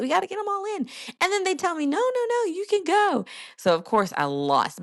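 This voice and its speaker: Chatty woman with a gravelly low voice. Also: no room sound, studio quality. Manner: chatty storytelling with fillers. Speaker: podcast host. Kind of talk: casual chat.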